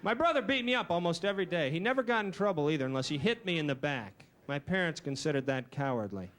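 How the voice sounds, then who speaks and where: A man doing a stand-up comedy routine with a dry, deadpan, self-deprecating delivery. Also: fairly high pitch, fast. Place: comedy stage before a live audience. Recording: noisy early 1990s VHS recording.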